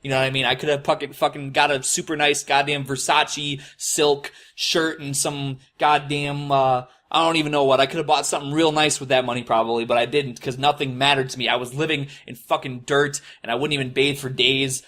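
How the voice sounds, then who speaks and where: A man's voice: medium pitch, little pitch movement, a little fast, hardly any pauses, bright, forceful tone. A young man telling a rambling, swear-heavy confessional story and mocking his past self. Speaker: host. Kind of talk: profane confessional monologue.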